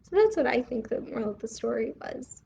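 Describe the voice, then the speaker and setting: Woman, children's storytime host, slow questioning talk, slightly dull recording with faint hiss. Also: on the high side, very animated, vocal fry, warm tone. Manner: asks the viewer questions, pauses to let them think.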